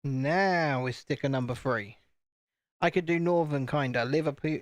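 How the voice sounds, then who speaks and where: A chatty British man with a slightly higher voice, talking casually to his viewers and mocking himself as he works. The sound is dry and close, with no room around it. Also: measured pace, dry recording. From United Kingdom. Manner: chatty, self-deprecating, talks to himself. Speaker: streamer. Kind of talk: casual chat while building.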